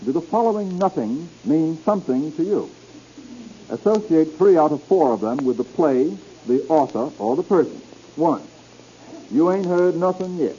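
A man's voice: on the high side, animated, normal speed, mellow. A man hosting a 1930s radio quiz show, teasing the panel with wisecracks. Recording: dull old radio recording with faint hiss.

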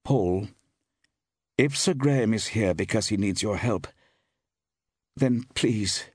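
A man voicing a lively young wife in a story reading, with a raised, eager voice. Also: medium pitch, moderate pace, husky, no echo, clean studio sound, pitched above the performer's own voice, exaggerated voice. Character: lively young wife, warm and easily worried.

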